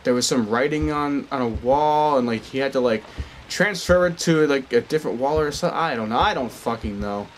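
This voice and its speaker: Fairly quick and medium in pitch, this young let's-play host talks over a faint hiss or hum. He's at home with headphones and a desk mic, anxious and tripping over words while he swears and pleads through the game.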